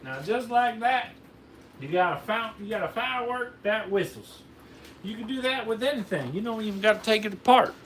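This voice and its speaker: A man's voice: high voice, animated, brisk, fairly bright tone. A man hosting a fireworks video in a put-on Southern drawl, folksy and joking as he rambles through a hands-on demo for a camera operator. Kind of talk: casual hands-on demonstration. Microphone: camera mic, filmed by a camera operator. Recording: roomy, distant camera audio with faint noise.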